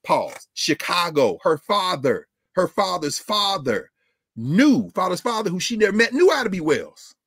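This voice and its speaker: A man's voice: high-pitched, sing-song, unhurried, a bit bright, breathy edge, no echo, studio quality. A man giving an impassioned lecture as a regular guest, emphatic and full of rhetorical questions. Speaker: professor and regular guest commentator.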